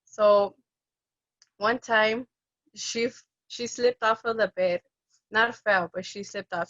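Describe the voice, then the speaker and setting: In a mid-range voice with no echo, a young end-of-life caregiver recounts something from her own life, bringing the people in it to life by performing their voices. The lo-fi audio sounds dull and dry.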